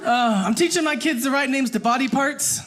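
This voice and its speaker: A woman performing a stand-up comedy set on stage, animated and acting out the people in her stories. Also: sits high, fairly quick. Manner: animated, acts out voices. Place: stage before a live audience. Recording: noisy live comedy room.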